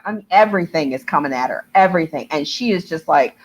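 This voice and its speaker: A woman guest in a casual film discussion, animated and acting out scenes as she talks. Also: deep voice, quick pace. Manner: animated, acts out scenes with voices. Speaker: podcast guest.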